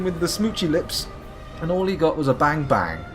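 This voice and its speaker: Streaming live with music underneath, an Englishman gives rambling, dramatic commentary, swearing and talking back to the boss. His voice runs high, very animated and quick.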